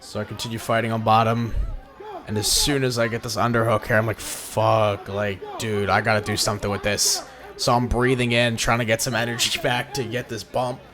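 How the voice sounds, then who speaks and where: A man's voice: fairly low pitch, level tone, a little fast, a crowd in the background. A young man giving casual, slangy voice-over commentary on his own footage as a vlogger. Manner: laid-back slangy, dude-and-bro talk.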